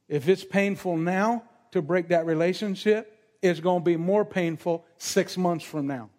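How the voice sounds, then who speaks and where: A man's voice: on the high side, darkish tone. Emphatic preacher man in reverberant hall. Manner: emphatic, repetitive preaching cadence. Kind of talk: sermon with prayer and prophetic ministry. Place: meeting room with a gathered congregation.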